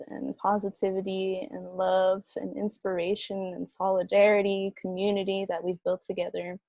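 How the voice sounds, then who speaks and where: A woman facilitator on a video call, giving soft closing remarks and leading a breathing exercise, with many fillers. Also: mid-range voice, level tone, moderate pace, hardly any pauses, dry recording. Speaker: program facilitator.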